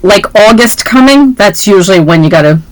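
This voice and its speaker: A woman's voice: mid-range voice, lively intonation, moderate pace, poor audio. A woman co-host in casual chat, rambling and laughing often.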